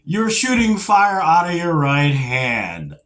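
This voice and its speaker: A middle-aged man reviewing a vintage action figure, talking in a rambling, animated way with playful asides and geeky nostalgia. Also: on the high side, takes it slowly. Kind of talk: casual video review.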